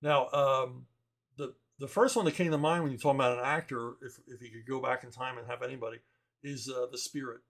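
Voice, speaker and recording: Male comic writer, casual Q&A host: wry, blunt, rambling, frequent chuckles, average pitch. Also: steady tone, fairly quick, fairly bright tone. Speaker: comic book writer answering viewer questions. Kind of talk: casual opinionated chat.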